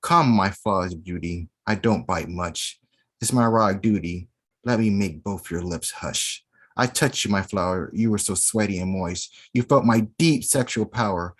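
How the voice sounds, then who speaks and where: A man performing a spoken word poem at an online open mic, theatrical and deliberate. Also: low-pitched, fairly bright tone. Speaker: poet performer.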